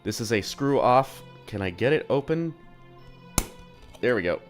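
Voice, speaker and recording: A man's voice: medium pitch, expressive, unhurried, faint music behind. Rambling, slightly sick young streamer man. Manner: rambling, profane, self-deprecating. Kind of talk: casual live-stream chat.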